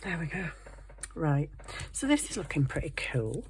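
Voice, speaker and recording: At her home desk, a craft vlogger with a low, sing-song voice rambles cheerfully about her craft project at a normal speed. She's chatty and self-deprecating, and there's slight background noise.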